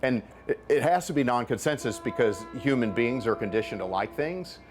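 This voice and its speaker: A man's voice: medium pitch, lively intonation, normal speed, faint music behind. A middle-aged man, a venture capitalist and author, answering interview questions in an explanatory way, often repeating words as he builds a point.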